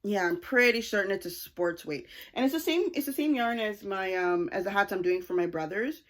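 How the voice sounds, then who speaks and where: Woman host of a knitting vlog, casual and self-correcting, mid-pitched, talking to camera. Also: animated, brisk. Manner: chatty, self-correcting, cheerful. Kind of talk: casual chat showing knitting projects.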